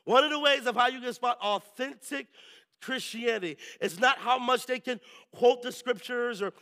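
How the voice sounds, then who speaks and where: A male pastor preaching a sermon, telling lively stories and often checking in with the congregation. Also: very high-pitched, normal speed. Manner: lively storytelling, keeps asking the crowd "right?".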